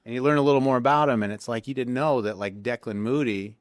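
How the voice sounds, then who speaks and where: Man, jiu-jitsu coach, casual rambling chat, mid pitch, dry sound. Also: quick pace, no echo. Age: adult with young kids. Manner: rambling, loose and profane.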